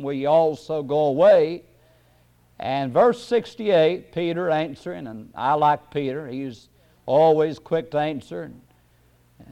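A high-voiced man preaches a sermon at a slow, deliberate pace. He stretches out his words and climbs to loud, emphatic peaks. The recording is dull and lo-fi.

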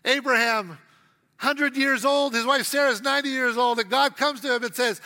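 Man preaching, middle-aged pastor, joking storyteller, bright tone, church hall echo. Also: extremely high pitch, normal speed. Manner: humorous storytelling with acted quotes. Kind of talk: sermon.

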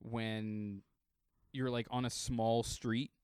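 A man's voice: medium pitch, level tone, slow, a little mellow, clean tone, no echo, clean studio sound. A man co-hosting a comedy podcast, telling stories in casual chat and acting out quotes. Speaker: podcast co-host.

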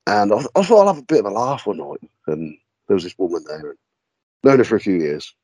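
A man tells stories as a podcast guest. He laughs often and swears casually, and his pitch swings widely. The recording is dry and close. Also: big pitch swings, quick pace, warm tone, slightly rough, no room sound, rough recording. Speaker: podcast guest, paranormal investigator.

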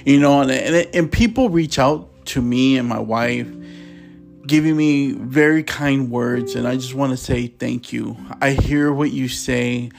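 A man's voice: medium pitch, gravelly, faint music behind. Passionate man preaching on his podcast. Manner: passionate, halting when reading scripture aloud.

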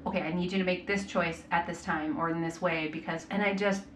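A woman's voice: lowish voice, a little fast, roomy sound, a little hiss or hum. A woman in her thirties, a podcast guest telling stories in casual chat and acting out what people said. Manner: animated storytelling, acts out quotes.

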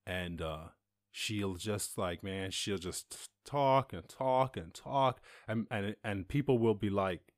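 West Cork man with a low voice, rambling casual podcast host, dry close sound. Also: takes it slowly, dry recording. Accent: West Cork Irish. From West Cork, Ireland. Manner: rambling, laid-back, sweary, laughs often. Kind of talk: casual solo monologue.

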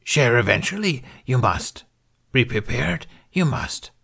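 A man's voice: mid-range voice, very animated, measured pace, vocal fry, fairly bright tone, husky, pitched above the performer's own voice, full character voice. A man voicing an ancient, small, wise male Jedi master who speaks with inverted word order in a fan fiction reading. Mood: sage.

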